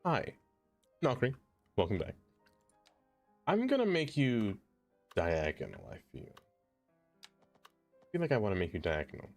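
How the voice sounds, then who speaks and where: While building a city on stream, a man chats loosely with his audience, laughs a lot, and mutters to himself over faint background music. His voice is on the low side and creaky, with huge pitch swings, a slightly slow pace, and frequent pauses.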